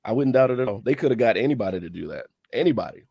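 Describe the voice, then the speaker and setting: A man's voice: mid-range voice, animated, very fast, gravelly, warm tone, breathy edge, no room sound, muffled recording. A laid-back man moderates a loose group chat, his voice rising and falling a lot as he jokes around and curses casually. The sound is dry and close, with no room around it. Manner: laid-back, joking, swears freely. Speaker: show moderator.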